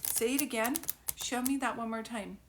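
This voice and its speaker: A woman's voice: fairly high pitch, moderate pace, noisy background. A woman doing a psychic reading live, rambling and thinking aloud, often breaking into giggles, talking into a phone. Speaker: psychic medium. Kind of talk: live reading, casual chat.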